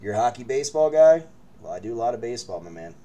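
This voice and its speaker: A man's voice: mid-range voice, big pitch swings, fast talker, warm tone. A man hosting a live card-break stream from his break room, hyping the pulls and bantering with viewers. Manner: hyped, joking banter with viewers.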